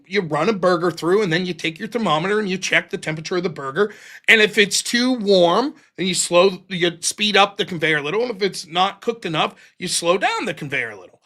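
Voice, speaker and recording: A man hosting a livestream, telling stories in a casual, profane, animated way. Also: sits high. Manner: profane, animated, yelling in retold quotes. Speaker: livestream host. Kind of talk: casual storytelling.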